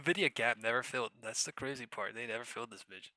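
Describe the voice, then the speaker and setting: A man streaming his live day trading, muttering profanely and anxiously to himself, with sudden shouts away from the microphone. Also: mid-range voice, fast, no echo.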